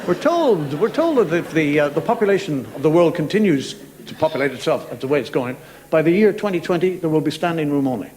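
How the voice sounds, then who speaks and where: A man's voice: on the high side, animated, fast. A middle-aged man doing a stand-up comedy monologue on a TV stage, telling wry stories with bursts of mock outrage. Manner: wry storytelling with mock outrage, acts out voices. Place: TV studio stage before a live audience. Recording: noisy live TV recording with loud crowd. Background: audience laughter.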